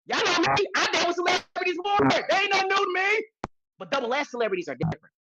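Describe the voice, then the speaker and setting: A woman co-hosting a podcast, telling a story in a loose, animated way, repeating lines for emphasis and swearing freely. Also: very high voice, fast talker, very noisy. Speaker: podcast co-host. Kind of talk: casual storytelling chat.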